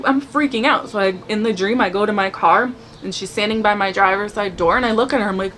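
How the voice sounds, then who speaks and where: A woman sharing a personal faith testimony in casual storytelling, animated and acting out the dialogue as she tells it. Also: medium pitch, fast talker, hardly any pauses, slight background noise. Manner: animated, acts out dialogue in the telling.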